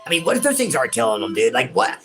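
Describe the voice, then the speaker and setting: A man's voice: medium pitch, wildly swooping pitch, fast talker, over music. A man co-hosting a game playthrough in casual banter, teasing and profane, dropping his partner's name into nearly every sentence. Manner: teasing, profane, keeps saying the other host's name. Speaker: co-host playing the game. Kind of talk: casual let's-play banter.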